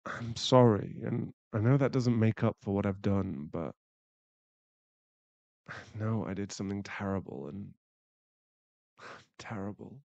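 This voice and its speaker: A man's voice: on the low side, a little slow, gravelly, long pauses, a little mellow, no room sound, dull audio. A man voicing a young boyfriend who is hot-tempered but remorseful, in a whispered role-play, swearing and then murmuring apologies.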